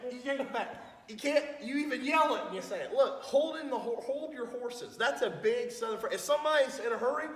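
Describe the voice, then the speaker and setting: A man's voice: very high-pitched, expressive, a little fast. A man co-hosting a comedic chat, teasing and playfully bossy as he teaches phrases. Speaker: co-host. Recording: roomy hall, mic at a distance.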